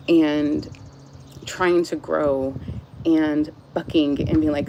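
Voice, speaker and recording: A woman's voice: low voice, fairly even intonation, slow, darkish tone, slight background noise, low-quality recording. A woman reading her own book aloud outdoors into a phone, emotional and close to tears, with personal asides. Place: outdoors in the sun.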